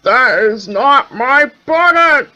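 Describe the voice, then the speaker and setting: A woman voicing a fussy male toad in a storybook, grumbling and then wailing and shouting over small things. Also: mid-range voice, very animated, takes it slowly, pitched below the performer's own voice, full character voice, rough recording. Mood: upset shouting.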